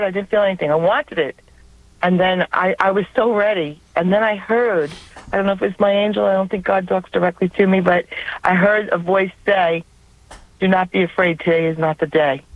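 A woman with a New York accent calling in to tell a personal faith story in an earnest, quick, conversational way. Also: mid-range voice, dry recording. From Long Island, New York. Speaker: caller. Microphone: telephone. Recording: tinny phone line.

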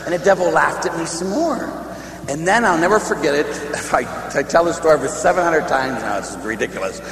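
A man from Pittsburgh, a priest, preaching a sermon as animated, humorous storytelling, recorded in an echoey hall with a faint hum. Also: on the high side, brisk. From Pittsburgh, United States.

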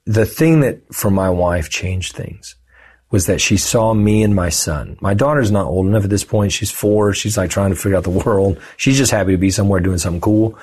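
Husky low-voiced man telling a story. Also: a little fast. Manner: animated, lively storyteller who acts out quoted dialogue. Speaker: podcast guest. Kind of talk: conversational storytelling.

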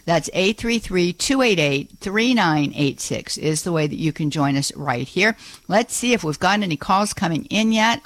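A woman's voice: on the low side, no room sound. A woman hosting a Catholic call-in radio show, with folksy, gushing exclamations. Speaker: radio host.

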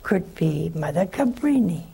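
Nun on a call-in show, slow and gravelly, folksy storyteller who chuckles a lot. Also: female voice, on the low side, very animated, dark tone. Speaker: religious sister answering callers.

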